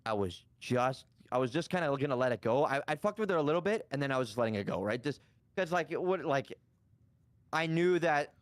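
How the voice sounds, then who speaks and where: A man spins a loose story in relaxed conversation, stumbling over restarts and swearing freely. His voice sits at a middling pitch and sounds dry and close to the mic. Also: a little fast, dry recording. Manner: rambling, restarts often, swears casually. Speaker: guest streamer. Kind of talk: casual storytelling chat.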